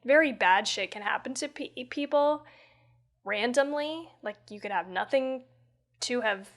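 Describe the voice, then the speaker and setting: Woman co-host, higher voice, loose storyteller, curses easily. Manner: storytelling, swears freely, quick bursts. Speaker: podcast co-host. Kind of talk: casual chat.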